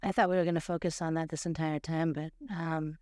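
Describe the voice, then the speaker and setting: Female podcast co-host, smooth resonant low voice, reflective and empathetic, dry close sound. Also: little pitch movement, fairly quick, a little mellow, dry recording. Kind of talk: casual chat.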